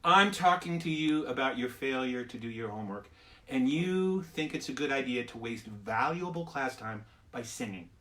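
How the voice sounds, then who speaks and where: A man's voice: medium pitch, animated, moderate pace, fairly bright tone, voice pushed down, close to an everyday voice. A man playing an exasperated schoolteacher who rants, repeats himself and turns sarcastic. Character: exasperated middle-aged male schoolteacher.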